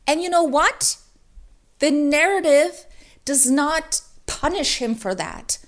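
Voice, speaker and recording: A woman's voice: high-pitched, slow pace. Exasperated woman ranting about a book. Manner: animated, exasperated ranting with many restarts. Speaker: book vlogger. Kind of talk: ranting reading vlog.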